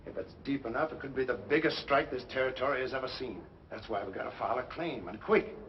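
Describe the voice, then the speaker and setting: An actor playing a grizzled, gruff but tender old gold prospector with a folksy frontier drawl, in a 1950s film. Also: male voice, medium pitch, fast talker, slight background noise, natural voice. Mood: excited. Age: older. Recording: dull old film soundtrack with music.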